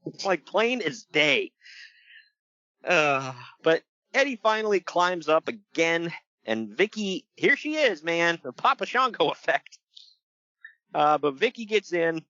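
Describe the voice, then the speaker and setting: A man chatting casually on a podcast about wrestling, laughing often and acting out quotes in a high voice. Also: big pitch swings, unhurried, bright, forceful tone, no echo, lo-fi sound. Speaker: podcast host.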